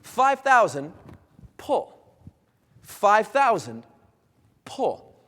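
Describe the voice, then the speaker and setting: An easygoing, reassuring skydiving instructor, put on by a man telling his story, talking in a bright, high voice that coaxes and urges. The long reverb of a big hall carries each word. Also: big pitch swings, drawn-out words, heavily acted. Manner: easygoing, coaxing.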